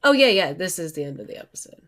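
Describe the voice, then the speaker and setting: A woman's voice: on the low side, big pitch swings, quick pace, fairly bright tone. A woman co-hosting a casual recap podcast, chiming in with short remarks. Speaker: podcast co-host.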